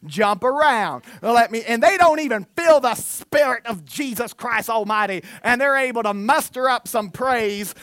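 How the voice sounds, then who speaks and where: A man, preaching a sermon as pastor, lively and self-mocking. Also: extremely high pitch, no room sound. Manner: animated, self-mocking, with put-on quotes of listeners. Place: church.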